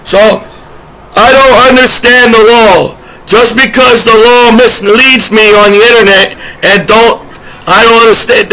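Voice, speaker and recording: A man's voice: sits high, sharp tone, slight background noise, rough recording. A man vlogging to camera in a rambling, aggrieved, repetitive rant. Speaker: vlogger, disabled combat veteran. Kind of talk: rambling direct-to-camera monologue.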